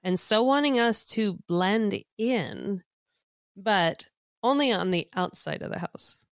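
A woman's voice: medium pitch, lively intonation, takes it slowly. A woman hosts an interview, taking her time with each phrase. She affirms and urges her guest on. The recording is dry, with no room echo. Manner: affirming and encouraging. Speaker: host. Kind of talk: interview conversation.

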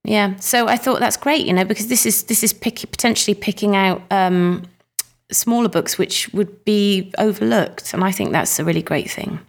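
A woman co-hosting a podcast in casual chat, animated and quick to laugh. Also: mid-range voice, gravelly. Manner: chatty, laughs easily, animated. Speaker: podcast co-host.

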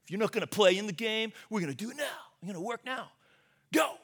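A man voicing a gruff, demanding male hockey coach with a blunt, commanding manner. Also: high-pitched, animated, quick pace, fairly bright tone, pitched above the performer's own voice, exaggerated voice. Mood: firm.

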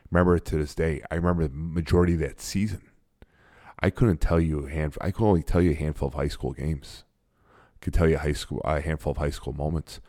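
In a clean studio recording with no room sound, a man in his forties speaks in a creaky, somewhat mellow bass. He's a guest in a casual interview, blunt and emphatic, and calls himself sarcastic.

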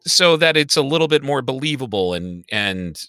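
A man's voice: medium pitch, animated, normal speed, bright, forceful tone, smooth, no echo, studio quality. A man co-hosting a podcast, chatting casually and animatedly about movies, with sighs and swearing. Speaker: podcast co-host. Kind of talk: casual movie review chat.

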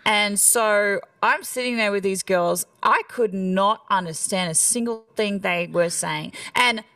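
A woman's voice: medium pitch, unhurried, fairly bright tone, no room sound, distant mic. A young woman from rural Australia with a thick Australian accent, a country musician chatting as an interview guest and laughing often. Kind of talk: casual interview chat.

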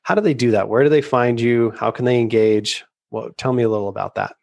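A man's voice: medium pitch, fast, gravelly, dry recording. A man hosting an interview, chatty and affirming, asking his guest rambling questions. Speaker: host. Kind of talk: casual interview.

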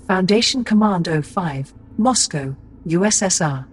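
A man doing a crisp, high announcer. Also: animated, measured pace, exaggerated voice. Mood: clipped.

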